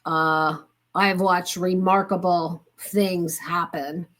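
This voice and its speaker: An older woman with a somewhat low voice speaks as a guest on a talk show. She tells her story in an earnest, heartfelt way and keeps it conversational. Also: flat delivery, slow, fairly bright tone. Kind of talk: casual conversation.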